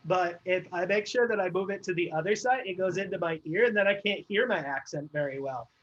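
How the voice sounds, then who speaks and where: On a muffled video call, an improv performer with a high, slightly bright voice speaks briskly. Keeping a straight face, he makes absurd claims as part of a comedy game, picked up by the call's mic.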